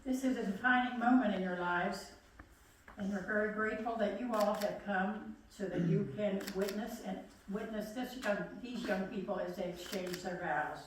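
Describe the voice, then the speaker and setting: A woman's voice: mid-range voice, slight background noise. Solemn woman officiating a wedding. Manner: measured, solemn delivery. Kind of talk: formal wedding ceremony. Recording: echoey room, distant mic.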